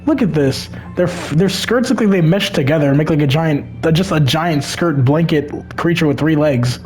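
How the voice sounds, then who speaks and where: A man's voice: on the high side, normal speed, a little mellow, faint music behind. A man reading a visual novel aloud for a let's play, stumbling over words and dropping crude asides.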